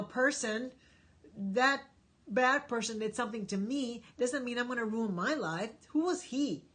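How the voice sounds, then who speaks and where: A woman's voice: on the high side, a bit bright. A woman hosting a live stream Q&A, answering viewers' questions with emphatic, encouraging life advice. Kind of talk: live stream Q&A, reading chat.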